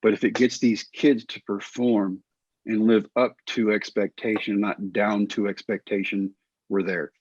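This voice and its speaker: A middle-aged man, a former pitcher, telling his story in an interview and acting out the quoted lines. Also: level tone, unhurried, a little mellow, husky, dry recording, highs cut off. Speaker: guest, former pitcher and coach.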